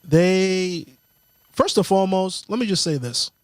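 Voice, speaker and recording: A young man co-hosting a casual podcast, explaining things in a measured, profane way. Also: high-pitched, darkish tone, smooth, dry recording, studio quality. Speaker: podcast co-host. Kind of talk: casual chat.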